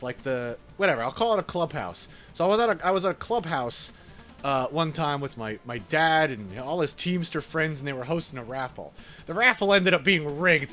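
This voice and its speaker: Streaming a game, this man chats loosely and laughs often, his Italian-American New York accent clear. His pitch runs fairly high, and the tone is a bit bright.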